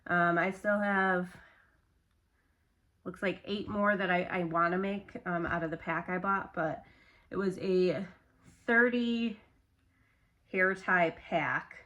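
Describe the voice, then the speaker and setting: A woman's voice: lowish voice, fairly even intonation, slow pace, long pauses, a bit bright. A young adult woman in casual chat, showing her handmade stock in a loose, rambling way with lots of fillers.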